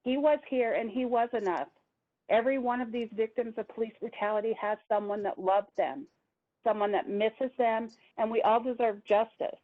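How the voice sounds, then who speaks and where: A woman's voice: on the high side, fairly even intonation, normal speed. Impassioned woman pleading over the phone. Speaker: public commenter. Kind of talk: impassioned public comment. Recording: tinny phone-line audio.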